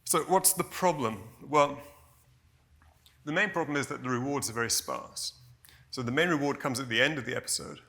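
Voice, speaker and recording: Male conference presenter, gravelly and bright, measured and explanatory, corrects himself on the fly. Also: medium pitch. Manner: measured, explanatory, with frequent "you know" and self-corrections. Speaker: conference speaker.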